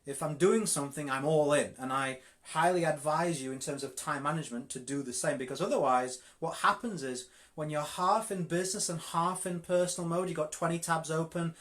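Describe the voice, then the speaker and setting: Yorkshire guy coaching on a live stream, slightly high voice, punchy and direct, doubles up words. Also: a little fast, hardly any pauses, a bit bright. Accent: Yorkshire English. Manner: direct, emphatic, repeats words for stress. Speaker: network marketing coach.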